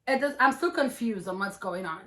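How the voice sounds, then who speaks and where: A young woman vlogger telling a personal story in an animated, profane, laughing way. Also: mid-range voice, fairly quick. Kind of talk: storytime vlog.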